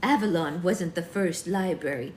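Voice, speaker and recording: A woman doing a stern ancient witch crone, the voice of an old woman who has outlived libraries, slow, grave and commanding. It is a storybook reading with a bit of roomy echo around it. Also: on the low side, a little mellow, slight background noise, close to an everyday voice.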